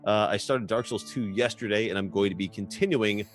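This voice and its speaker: A man's voice: on the low side, brisk, soft background music. A man, a player in the game, talking bluntly and sardonically. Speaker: player, streamer. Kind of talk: casual chat.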